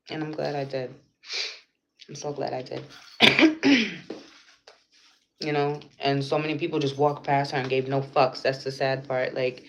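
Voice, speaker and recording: A woman's voice: a bass voice, slight background noise. A mother telling a personal story in an emotional vlog, earnest and repetitive, close to tears and swearing now and then. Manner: tearful, earnest, repeats herself, swears.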